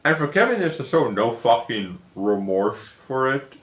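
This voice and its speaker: A man's voice: mid-range voice, very animated, a little slow. A young man telling a story in a casual, frustrated rant, swearing often and repeating himself. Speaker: video creator. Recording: echoey room.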